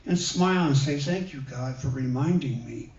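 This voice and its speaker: A man giving a sermon with personal stories, gentle and conversational, with many pauses and fillers. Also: medium pitch, gravelly. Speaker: guest minister. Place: church hall. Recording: roomy, dull sound from a distant mic.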